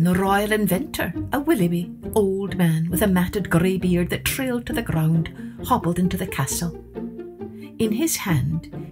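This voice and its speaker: A woman storyteller reading a picture book aloud in an expressive, rhythmic way. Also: on the low side.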